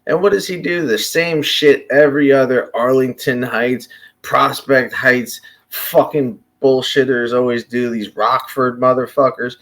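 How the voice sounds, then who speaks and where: Slow, profane, impassioned man ranting. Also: mid-range voice, fairly even intonation, a bit bright. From Chicago. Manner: halting, restarting sentences. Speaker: commentator. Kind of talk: unscripted monologue rant.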